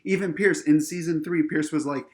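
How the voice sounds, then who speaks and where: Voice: medium pitch, fairly even intonation, darkish tone. A podcast co-host giving opinionated critique in casual chat, with lots of "like" and acted-out quotes. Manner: rapid, opinionated, peppered with "like".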